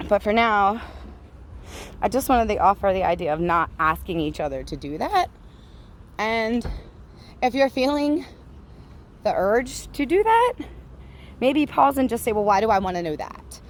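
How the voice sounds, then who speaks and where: Slight background noise accompanies a medium-pitched woman filming herself on a handheld phone as she walks outside near traffic. This vlogger delivers a blunt, profane monologue, ranting and frequently breaking into laughter.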